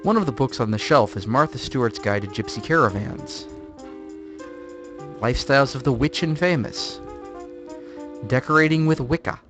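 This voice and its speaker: A man's voice: medium pitch, moderate pace, long pauses, over music. Wry man reading a game aloud. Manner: wry, jokey reading with asides. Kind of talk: let's-play narration.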